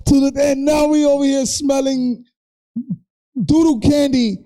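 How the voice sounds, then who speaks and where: A man with a strikingly high voice and a mellow, dark tone chats in a relaxed way. He tells his stories loosely and laughs often, like a podcast co-host swapping memories. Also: measured pace. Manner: laid-back, laughs often while reminiscing. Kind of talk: casual chat.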